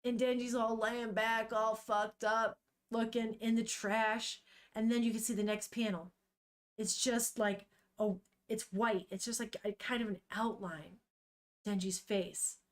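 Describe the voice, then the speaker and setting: A woman's voice: fairly high pitch, little pitch movement, unhurried. A woman streaming as she reads manga, chatting casually and animatedly, swearing freely and thinking aloud. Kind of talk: casual chat.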